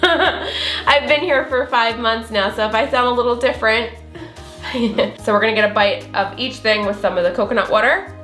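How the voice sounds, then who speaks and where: Speaking at a normal speed in a higher, somewhat bright voice, a woman with a slight Southern accent walks through a recipe demo. The recording is reverberant with soft background music, and her chatty vlogger style is filler-heavy and giggly.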